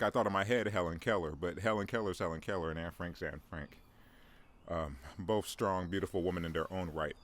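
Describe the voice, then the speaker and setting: A young man in his twenties rambling through a solo podcast at home, joking at his own expense and stumbling through restarts. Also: fairly low pitch. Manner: rambling, self-deprecating, joking, many restarts and "bro". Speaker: podcast host. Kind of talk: solo morning podcast monologue. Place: at home, in view of his backyard.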